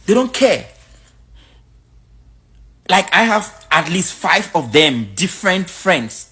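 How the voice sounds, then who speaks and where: A woman from Africa speaks straight to her viewers in a casual vlog. Her talk is blunt and outspoken, and her pitch swings a lot from line to line. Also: big pitch swings, slow, long pauses, a bit bright. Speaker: vlogger.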